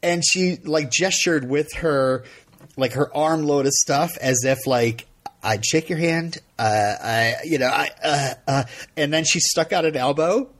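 A middle-aged man from Vermont, co-hosting a podcast and telling a story in casual chat, animated and laughing often. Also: fairly high pitch, unhurried. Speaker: podcast co-host.

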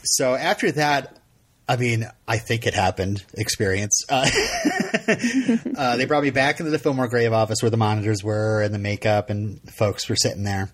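Excitable middle-aged man telling a story. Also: mid-range voice, slightly rough. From Vermont. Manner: animated, laughs often, acts out quotes. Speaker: podcast co-host. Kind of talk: casual chat, storytelling.

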